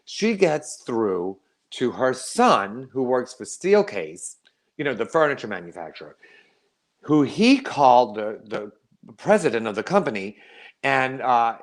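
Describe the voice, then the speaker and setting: A middle-aged man performing a wry, animated storytelling monologue, laughing often. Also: mid-range voice.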